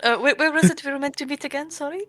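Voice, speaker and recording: A woman's voice: high voice, rapid-fire, bright, forceful tone, dry recording, faint music behind. A woman playing a tabletop game with friends, wry and joking. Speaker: player. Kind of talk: casual tabletop play.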